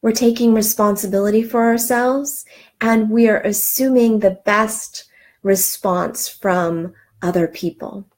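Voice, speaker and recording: A woman's voice: mid-range voice, steady tone, a little slow, darkish tone. A middle-aged woman giving an earnest, encouraging self-help talk, with frequent ums and restarts. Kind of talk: motivational talk.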